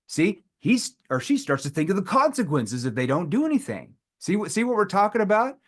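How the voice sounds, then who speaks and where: A man teaches a live sales seminar, his slightly high voice swinging widely in pitch. He talks animatedly, acting out questions in a challenging tone for the room. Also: very animated, fairly quick, few pauses. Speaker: sales trainer.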